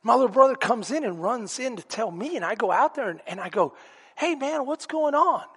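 A man with a Texan accent preaching a sermon, telling a story with emphatic storytelling and questions to the congregation, swinging from shouts to hushed lines. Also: high-pitched, expressive, fast, breathy edge. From Texas. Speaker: pastor. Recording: long church reverb.

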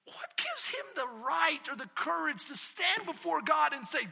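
A male pastor preaching a sermon, moving between shouted, emphatic passages and hushed, intimate reflection. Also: very high voice, big pitch swings, measured pace, vocal fry, in a large hall.

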